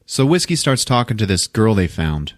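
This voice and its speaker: A man's voice: fairly low pitch, sing-song, normal speed, dry recording, studio quality. A man hosting a podcast, casually retelling a movie plot with lots of laughing and swearing. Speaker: podcast host.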